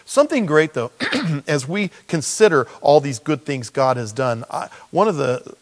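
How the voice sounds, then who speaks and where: A man preaching a sermon as pastor, animated and acting out quotes in lively voices. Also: on the high side, moderate pace. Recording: long hall reverb.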